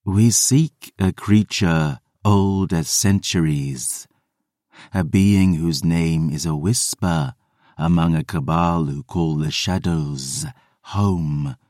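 A man's voice: deep voice, warm tone, no room sound, studio quality. A man putting on a haughty vampire woman. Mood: disdainful. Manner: slow, disdainful, formal. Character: cold, haughty vampire woman, sister to the hero. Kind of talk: audiobook character reading.

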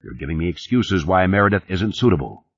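A gruff, blunt boss with a deep, husky voice, read by a man. He snaps curt orders, and the dry, dull recording keeps it close and plain in this audiobook. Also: very animated, a little fast, no echo, exaggerated voice. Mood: irritated. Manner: curt, commanding, coarse. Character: gruff, blunt older male company boss.

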